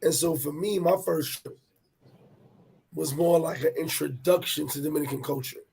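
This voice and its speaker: A man telling a personal travel story in animated, profane street talk, repeating words as he goes. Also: on the high side, moderate pace, gravelly, slight background noise. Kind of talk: casual storytelling chat.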